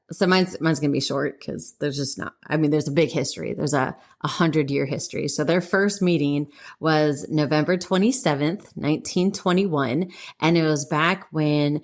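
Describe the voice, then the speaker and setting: A woman chatting casually as a podcast co-host. Her voice sits low. She wanders through her points, stops to correct herself and laughs along the way. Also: steady tone, normal speed. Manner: rambling, self-correcting, laughs often. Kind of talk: casual chat.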